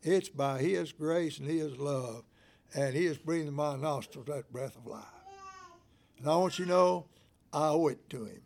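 An older man delivers a sermon with a gravelly, creaky voice pitched a little high. He is fervent and folksy, building to loud emphatic passages and then dropping into quiet, conversational asides. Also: unhurried. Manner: folksy, acts out shop clerks and a church member in quoted voices. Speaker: preacher.

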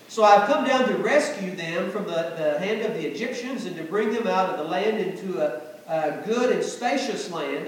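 A man giving a measured Bible-teaching sermon in a large hall, with occasional fillers. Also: high-pitched. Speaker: preacher. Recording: echoey room from far off.

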